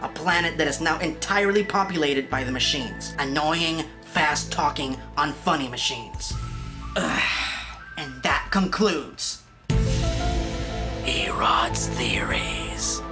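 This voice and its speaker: A woman's voice: low-pitched, a little slow, few pauses, loud music behind the voice. A woman narrating a comedic film review in a sarcastic, exasperated manner.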